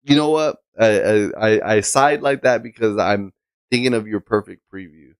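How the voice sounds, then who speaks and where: A man's voice: lowish voice, moderate pace, smooth, no echo. A man co-hosting a podcast in casual chat, rambling and laughing often. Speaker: podcast co-host.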